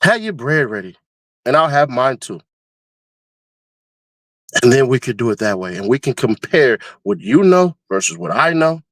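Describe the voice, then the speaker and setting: A man hosting casual commentary, talking animatedly and laughing often, now and then breaking into high-pitched screaming bits. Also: very animated, moderate pace, pauses often, a bit bright, no room sound. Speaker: commentary host.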